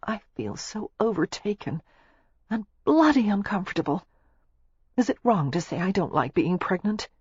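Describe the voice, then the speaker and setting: A reader voicing a fretful, outspoken young pregnant wife who exclaims impatiently, in a husky voice. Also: female voice, medium pitch, big pitch swings, normal speed, a little mellow, dry recording, muffled recording, pitched above the performer's own voice. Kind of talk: audiobook character voice.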